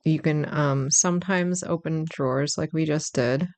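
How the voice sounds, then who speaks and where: A let's-play commentator musing over a fantasy game, chatty and self-deprecating, with a gravelly, creaky edge on the voice. The sound is dry and close, with no room around it. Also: medium pitch, steady tone, measured pace, darkish tone, no room sound. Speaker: gameplay commentator.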